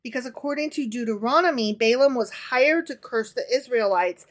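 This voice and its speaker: Teasing lady podcast cohost, higher voice, chatting from her living room. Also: moderate pace. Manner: teasing, swears freely. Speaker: podcast co-host. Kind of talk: casual podcast banter.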